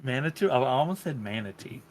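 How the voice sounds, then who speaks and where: A man's voice: mid-range voice, animated, fast. A man playing a tabletop game, talking tentatively and stumbling over words. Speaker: player. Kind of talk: casual tabletop play.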